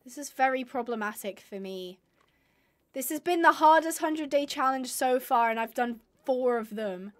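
A woman with a high-sitting voice live-streams a game at a normal speed, commenting on her gameplay to viewers. Her emotions swing widely, from gloomy muttering to shrieks of distress.

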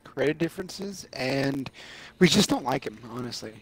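A man in his twenties streaming a game with friends, teasing them in deadpan jokes. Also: mid-range voice, normal speed, a little hiss or hum, rough recording. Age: 20s. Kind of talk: casual gaming banter.

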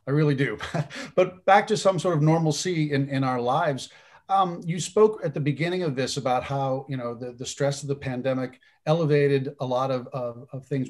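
A man's voice: mid-range voice, a little mellow. A man moderating a town hall, asking a question in a hesitant way and thanking the speaker. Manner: hesitant, restarts questions, appreciative.

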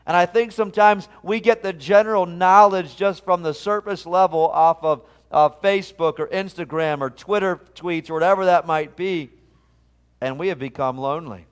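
A man's voice: high-pitched, moderate pace, clear, resonant tone. A man, a pastor, preaching a sermon in an earnest, conversational way, often restarting his phrases. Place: church sanctuary.

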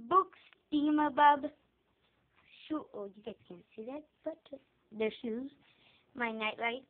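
Chatty young girl on tinny lo-fi audio. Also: fairly high pitch. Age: child. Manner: chatty, rambling, excitable. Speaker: vlogger giving a room tour. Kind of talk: casual room tour vlog. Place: child's bedroom, indoors. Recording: tinny lo-fi home camera audio.

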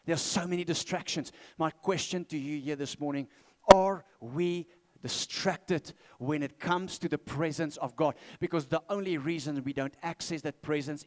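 Emphatic man preaching. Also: on the high side. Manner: emphatic, repeats key phrases, asks the congregation to respond. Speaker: pastor. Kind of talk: sermon. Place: church.

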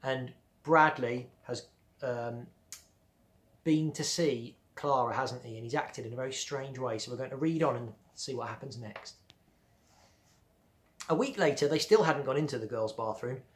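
Man reading a class novel aloud. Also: medium pitch. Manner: slow, clear storytelling with friendly asides. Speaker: primary school teacher. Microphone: home or classroom video recording.

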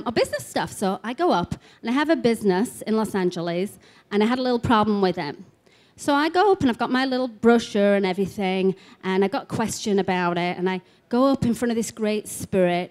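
In an expo talk room, a woman chats her way through spiritual healing stories for a live audience, using lots of casual fillers like "like." Her medium-pitched voice has lively intonation, a fairly quick pace, and a slightly mellow tone.

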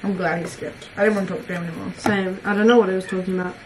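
A young Australian woman vlogging in loud, teasing, tipsy banter with a friend. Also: mid-range voice, fairly even intonation, racing, a little hiss or hum. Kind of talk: casual chat on video calls.

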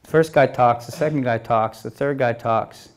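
A man's voice: mid-range voice, normal speed. Man telling stories, checking in often. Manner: keeps checking in with "okay?" and "you know?"; re-enacts exchanges as quoted dialogue. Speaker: speaker telling stories to an audience. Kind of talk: conversational storytelling talk.

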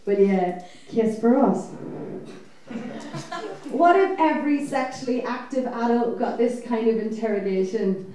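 A woman's voice: on the high side, unhurried, pauses often, recorded from a distance, a crowd in the background. A woman performing spoken word poetry as a feature poet, wry and punchy, laughing between lines. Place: club stage. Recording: echoey club heard from afar.

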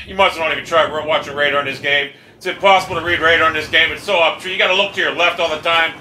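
Cursing nonstop and griping in frustration, this man angrily rants over the game he's streaming. He speaks rapid-fire in a highish voice with fairly even intonation, captured by a distant mic in a roomy space amid loud game noise.

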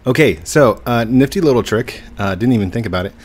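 A man's voice: mid-range voice, animated, brisk. A man hosting a gaming video, chatting casually and playfully with a teammate over voice chat, laughing often.

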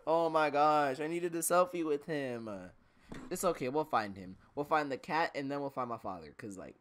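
A man's voice: on the high side, normal speed, a bit bright. A man doing casual let's-play commentary, joking, swearing and laughing to himself as he plays. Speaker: gamer.

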